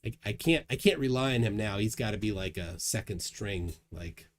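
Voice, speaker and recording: A man's voice: fairly low pitch, normal speed, slight background noise. A man hosting a casual livestream, chatting and reading viewer comments aloud with a chuckle. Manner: lively, chuckling, reads chat aloud. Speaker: livestream host.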